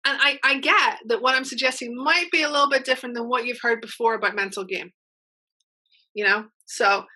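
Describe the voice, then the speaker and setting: Upbeat woman coach, bright and slightly high voice, chatty workshop delivery. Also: fairly quick, low-quality recording. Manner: upbeat, chatty, frequent check-ins with listeners. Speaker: mental game coach. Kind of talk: online workshop teaching.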